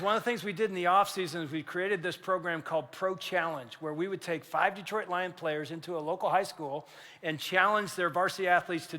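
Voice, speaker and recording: An older man preaches in a church, telling a story with lively energy and sometimes shouting at its peak. His voice sits high and bright, and it rings out with the long reverb of a large hall. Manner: animated, acts out dialogue, rising to shouts at climaxes. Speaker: pastor. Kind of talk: sermon with storytelling. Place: church sanctuary.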